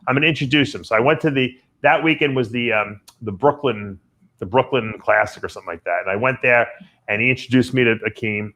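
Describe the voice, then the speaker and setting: A man hosting a casual talk radio show, telling rambling stories in an animated way. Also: mid-range voice, fairly quick. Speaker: podcast host.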